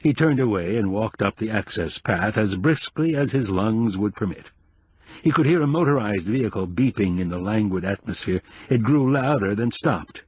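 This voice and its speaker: Husky, expressive male audiobook narrator. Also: on the low side, no echo. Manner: measured, expressive storytelling.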